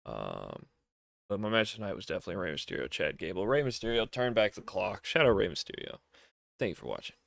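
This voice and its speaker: Excitable young man, dry close mic. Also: on the low side, quick pace, gravelly, dry recording. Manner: enthusiastic, repeats words for emphasis. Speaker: wrestling show reviewer. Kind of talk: casual solo review.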